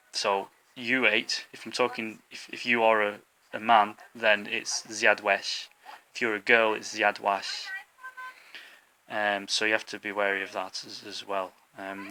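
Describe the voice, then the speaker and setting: A man's voice: fairly low pitch, bright, forceful tone, rough recording. A man from England, a native English speaker, explaining language points in an informal lesson, with many ums and restarts. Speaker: language teacher.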